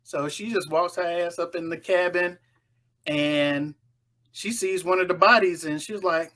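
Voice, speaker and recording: A woman casually recapping a horror film in an animated way, acting out the characters' lines as she goes. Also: lowish voice, a little slow.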